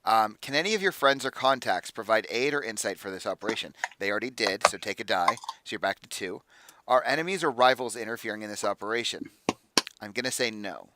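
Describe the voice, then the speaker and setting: A man's voice: lowish voice, animated, quick pace, very noisy. A man running a tabletop game as game master, explaining the rules and weighing his calls aloud.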